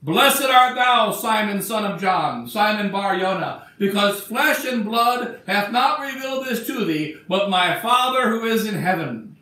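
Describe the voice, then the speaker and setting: A man's voice: high voice, unhurried, few pauses, sharp tone. A man preaching an emphatic sermon as a bishop, acting out the words he quotes. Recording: echoey church from far off.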